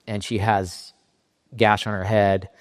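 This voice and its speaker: A middle-aged man from Southern California giving a keynote talk, telling a personal story in a halting, emotionally raw way with frequent restarts. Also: fairly low pitch, flat delivery. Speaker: keynote speaker. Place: conference stage in a large hall. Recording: reverberant hall sound.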